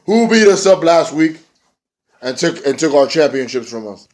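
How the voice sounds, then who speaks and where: A man's voice: medium pitch, fairly quick, a little mellow, lightly acted. A man voicing angry male wrestlers who are calling out their attackers. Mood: indignant.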